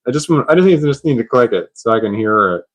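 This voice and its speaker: A man's voice: mid-range voice, animated, fast talker. A man chatting on a live stream, puzzled and rambling, laughing at himself.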